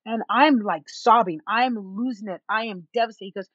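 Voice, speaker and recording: A woman's voice: a little high, moderate pace, hardly any pauses, no echo. A woman guest in an interview telling a personal story, acting out what others said to her. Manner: animated, acts out what others said. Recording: dull, dry, slightly lo-fi.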